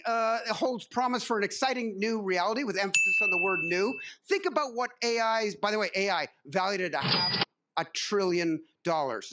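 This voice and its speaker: High-voiced man giving a wry keynote. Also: bright, forceful tone. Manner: wry, joking asides with frequent uh fillers. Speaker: keynote speaker. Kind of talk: conference keynote talk. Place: conference stage.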